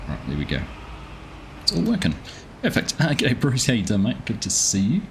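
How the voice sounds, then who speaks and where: A man's voice: medium pitch, wildly swooping pitch, normal speed, fairly bright tone, a little hiss or hum. A man streaming a farming game live, chatting easily and greeting viewers by name with plenty of ums.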